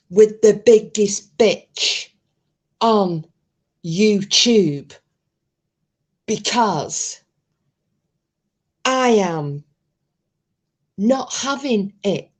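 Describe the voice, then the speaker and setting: Woman mimicking a halting, boastful ranting woman. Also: mid-range voice, a little mellow, voice pushed up. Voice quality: slow, with forced pauses between words.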